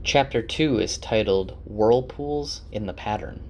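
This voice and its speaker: A man casually retelling a novel's chapters for his wife, chatty and relaxed, with lots of fillers and restarts. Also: fairly low pitch, a little slow, a little hiss or hum. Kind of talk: casual spoken book recap.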